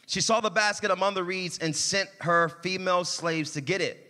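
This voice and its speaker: With a high, bright, strained voice at normal speed, a pastor drives his sermon upward in intensity and calls on the congregation to reply. The church's long reverb lingers behind him.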